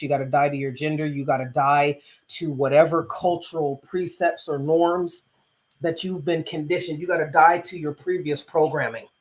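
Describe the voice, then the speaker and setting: A man hosting a casual live stream as a coach, rambling and preachy with self-interruptions, who recites psalms aloud. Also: a little high.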